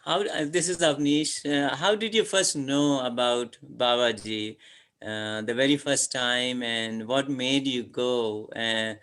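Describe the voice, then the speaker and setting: A man's voice: medium pitch, fairly even intonation, slow pace, a bit bright, clean tone. A man asking questions at a satsang over a video call, hesitant and full of fillers. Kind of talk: casual questions.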